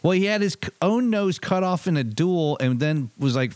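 A man co-hosting a podcast in casual chat, quick to agree and enthusiastic. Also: fairly high pitch, lively intonation, a little mellow, no echo. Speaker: podcast co-host.

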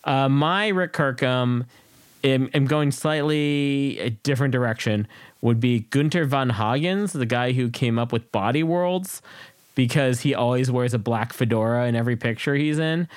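A man's voice: medium pitch, normal speed, smooth, no room sound, studio quality. A man co-hosting a podcast in casual chat, joking and trailing off with fillers. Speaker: podcast co-host.

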